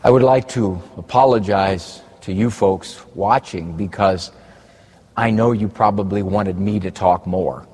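Husky male talk show host. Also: on the low side, measured pace, a little mellow, in a large hall. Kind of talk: casual chat.

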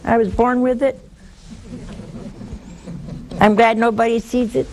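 An older woman teaches a live audience about faith, telling stories with lively emphasis and long, dramatic pauses. Her voice sits a little high for a woman. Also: slight background noise. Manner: animated storytelling, dramatic pauses. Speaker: religious teacher. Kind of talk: catholic teaching talk to an audience.

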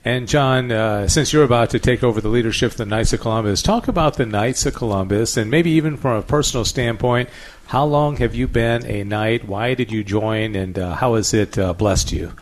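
A man's voice: mid-range voice, brisk. A man hosting a live remote radio interview, chatty and easygoing. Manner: chatty, easygoing, with filler words. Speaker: radio host.

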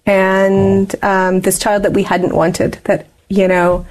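A woman's voice: mid-range voice, level tone, takes it slowly, darkish tone. Woman, forties, interview guest, earnest storytelling, frequent ums, conversational testimony.

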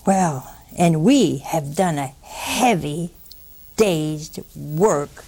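An older woman delivers a sermon at an unhurried pace, her voice gravelly with fry. She tells stories with a teasing edge, slipping into the voices of the people in them. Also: low voice. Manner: teasing, animated storytelling with quoted voices. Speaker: preacher. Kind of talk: sermon with storytelling.

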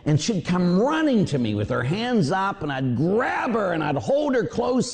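Male priest, sermon, lively pitch, mellow voice, long hall echo. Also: moderate pace, creaky, hardly any pauses. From Pittsburgh area. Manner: animated storytelling, acts out voices. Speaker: Catholic priest.

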